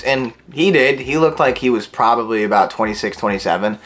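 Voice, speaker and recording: A young man in his twenties from Illinois, USA, tells a story in a casual vlog, animatedly acting out the dialogue. His medium-pitched voice moves a little fast with hardly any pauses.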